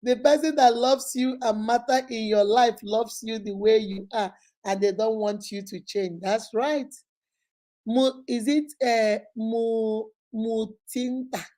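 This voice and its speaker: A middle-aged woman hosting a casual live chat, talking to viewers directly and with lively expression. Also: fairly high pitch, takes it slowly. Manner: animated, acts out quoted voices, warm direct address. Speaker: host of a live question-and-answer show.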